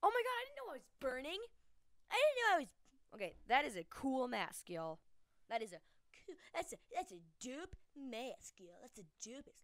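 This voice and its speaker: A woman giving casual, excitable commentary while she plays a video game. She is chatty, jumps from yelps to low mutters, and often talks to her viewers. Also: normal speed, no room sound, studio quality. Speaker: gamer hosting her own channel.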